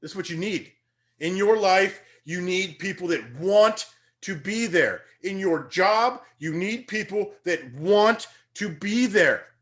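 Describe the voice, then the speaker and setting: Young male teacher, slightly high-pitched, energetic, conversational motivational lecture. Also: takes it slowly. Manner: energetic, conversational, rising to emphatic bursts.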